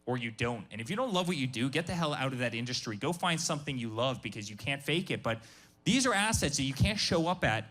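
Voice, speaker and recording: A man's voice: medium pitch, animated, fast, fairly bright tone. A man speaking as a guest business founder at a live workshop, emphatic and passionate, often repeating his words.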